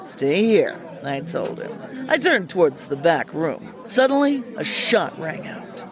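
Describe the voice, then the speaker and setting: A woman narrating a hardboiled comic mystery story in a wry, deadpan, theatrical way. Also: lowish voice, measured pace, crowd noise.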